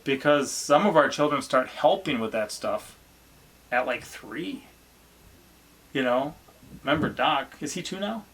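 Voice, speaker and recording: A man's voice: medium pitch, expressive, measured pace, pauses often, fairly bright tone, breathy edge. A man, a family vlogger chatting casually and encouragingly about his children. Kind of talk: casual chat.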